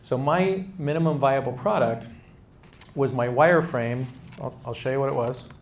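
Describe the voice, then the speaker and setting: A man's voice: mid-range voice, normal speed, a little hiss or hum. A man mentoring startup founders in a casual, conversational talk to a live audience, with frequent restarts.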